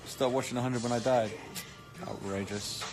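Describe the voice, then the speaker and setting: A man's voice: medium pitch, steady tone, normal speed, music in the background. A British man chatting casually on a live stream, reading comments with cheeky, joking banter. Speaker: actor streaming live to fans.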